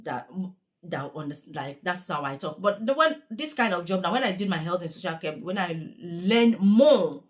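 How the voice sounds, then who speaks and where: Young woman, care worker, earnest and repetitive vlog chatter, slightly low pitch. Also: animated, brisk, a bit bright. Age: young adult. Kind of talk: casual vlog chat.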